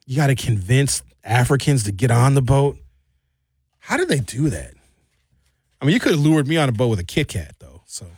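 A man's voice: very animated, normal speed, a little mellow, slightly rough, no room sound. A man from Milwaukee hosting a radio show, rambling and joking in casual studio chat. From Milwaukee, United States. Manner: rambling, joking, swings pitch for effect.

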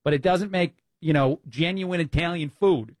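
A man's voice: fairly high pitch, moderate pace, no echo. Opinionated New Jersey talk radio man. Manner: opinionated, conversational, many fillers. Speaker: fill-in radio talk host. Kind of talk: political talk radio monologue.

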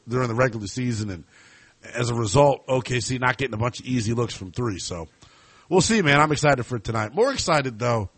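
A man's voice: mid-range voice, breathy edge, no room sound. A man hosting a sports talk show, talking loosely and animatedly about basketball and trading jokes. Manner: animated, loose and chatty, laughs often.

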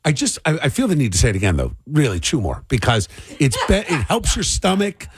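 Chatty husky-voiced New radio man. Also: mid-range voice, huge pitch swings, a little fast, no room sound, studio quality. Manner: chatty, rambling, opinionated. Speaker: radio show host. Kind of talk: casual morning radio banter.

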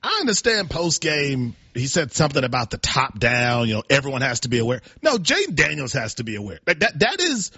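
Animated husky co-host man. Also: mid-range voice, dry recording. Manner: animated, self-deprecating, quick restarts. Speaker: sports talk co-host. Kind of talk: casual sports talk. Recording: dry, slightly dull audio.

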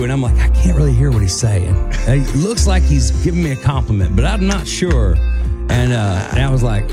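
A man guest co-hosting a radio show, telling a lively backstage story and acting out what others said. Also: mid-range voice, fairly quick, music in the background. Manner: animated storyteller acting out quotes. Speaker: guest co-host.

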